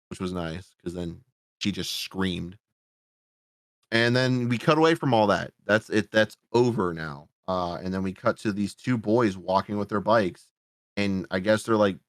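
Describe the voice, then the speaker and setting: A man's voice: lowish voice, a bit bright, dry recording, studio quality. A man hosting a podcast, reviewing a horror movie in a casual, sarcastic, rambling way, swearing often. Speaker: podcast host.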